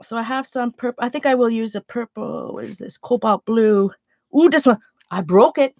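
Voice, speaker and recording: A woman's voice: fairly high pitch, normal speed, darkish tone, no room sound. A woman hosting a casual painting livestream, chatting loosely with viewers as she works and sniffling a little. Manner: chatty, rambling, greets viewers, thinks aloud. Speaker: art livestream host.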